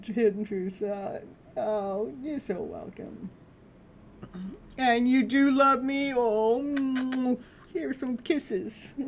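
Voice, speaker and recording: A middle-aged woman reads tarot cards on a live stream, talking loosely and laughing often between cards. Her voice sits a little high, with a faint hiss behind it. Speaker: live tarot reader and host.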